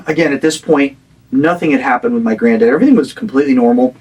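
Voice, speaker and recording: A man in his thirties, a rock band frontman guest, telling a story in casual conversation, animated and swearing, acting out the voices he quotes. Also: mid-range voice, fast, slightly rough, distant mic, low-quality recording.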